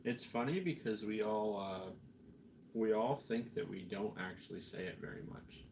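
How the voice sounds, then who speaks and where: A man's voice: fairly low pitch, normal speed, a little mellow, a little hiss or hum, low-quality recording. A Canadian man chatting in a rambling, self-mocking way while painting miniatures on a stream, a little tipsy. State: tipsy from drinking. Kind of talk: casual chat while painting.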